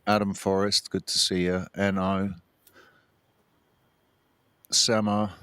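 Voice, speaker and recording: A man with a low, deep voice hosts a casual livestream, chatting loosely and greeting viewers by name. His voice sounds dry and close, with almost no room around it. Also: level tone, takes it slowly, fairly bright tone, clean tone, no room sound. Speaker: livestream host. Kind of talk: casual chat.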